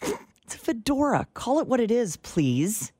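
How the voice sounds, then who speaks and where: Woman radio co-host, teasing banter, lively pitch, dry close mic. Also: measured pace, slightly rough, dry recording. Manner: chatty, laughs often, teasing. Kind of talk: casual on-air banter. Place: cold radio studio.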